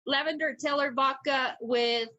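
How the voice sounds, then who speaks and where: Woman co-host, high-pitched and unhurried; giggly, casual, a bit profane. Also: steady tone, bright, forceful tone, dull audio. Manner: giggly, laughs often, swears casually. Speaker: podcast co-host. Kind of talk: casual chat.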